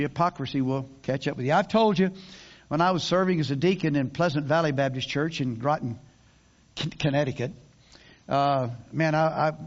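A man's voice: fairly high pitch, highs cut off. An older man preaching a sermon in a folksy, conversational way, with many restarts and asides. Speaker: pastor.

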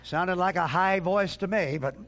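A man preaching a sermon with emphasis, often repeating words and restarting phrases, and sometimes dropping to a low, quiet delivery. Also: moderate pace, highs cut off.

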